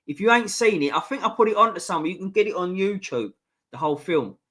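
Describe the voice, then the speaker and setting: A man's voice: high-pitched, lively intonation, fast, fairly bright tone. A man hosting a live stream, reading out viewer comments and bantering bluntly with lots of swearing.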